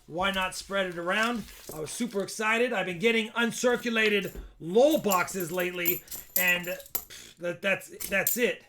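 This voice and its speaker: A man with a high, bright voice chats casually through his livestream, upbeat and friendly. He talks easily to his viewers and calls them brother. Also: a little hiss or hum. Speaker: livestream host. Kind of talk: casual livestream chat while coin roll hunting.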